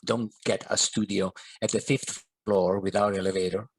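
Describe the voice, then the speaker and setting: Gravelly middle-aged guy sharing his story on a podcast, earnest, drops in foreign phrases. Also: fairly low pitch, little pitch movement, normal speed. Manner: earnest, vivid, slips in Italian and French phrases. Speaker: podcast guest, family history coach. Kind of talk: personal storytelling in a podcast interview.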